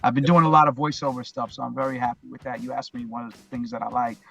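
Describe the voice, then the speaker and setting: A man's voice: medium pitch, level tone, quick pace, vocal fry, fairly bright tone, slightly rough. A man talking as a podcast guest in a casual, reflective way, often repeating himself and speaking from the heart. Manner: rambling, repeats phrases, heartfelt. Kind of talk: casual reflective interview talk.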